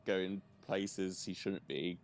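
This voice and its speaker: A man playing a tabletop horror game with friends, jokey and drawn-out, often speaking in character. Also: sits low, steady tone, creaky. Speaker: player.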